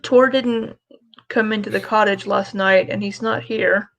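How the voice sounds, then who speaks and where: A woman's voice: medium pitch, steady tone, a little slow, gravelly. A woman player in a tabletop role-playing game, speaking in a dry, matter-of-fact way.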